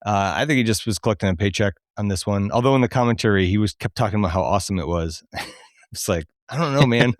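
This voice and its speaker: Guy on a movie podcast, lowish voice, lots of ums, dry sound. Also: quick pace, no echo. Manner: hesitant, many fillers and restarts. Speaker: podcast co-host. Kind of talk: casual chat reviewing a movie.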